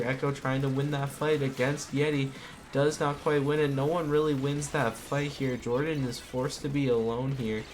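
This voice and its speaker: A man's voice: mid-range voice, slight background noise. Man doing solo esports play-by-play. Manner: rapid excited calls, then quieter. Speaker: esports caster. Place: home, quiet so as not to wake others.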